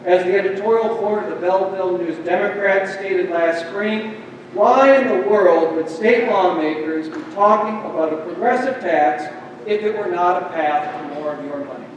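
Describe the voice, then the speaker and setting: A high-pitched man reading formal remarks at a town hall meeting. His words boom around a very echoey hall, and the mic sits far away with faint noise behind him. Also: muffled recording. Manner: formal, measured delivery. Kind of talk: reading a prepared speech.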